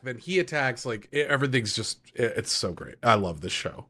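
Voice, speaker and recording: A young man co-hosting a casual podcast who jumps in with excited, profane commentary. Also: medium pitch, a little fast, hardly any pauses. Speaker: podcast co-host. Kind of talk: casual banter.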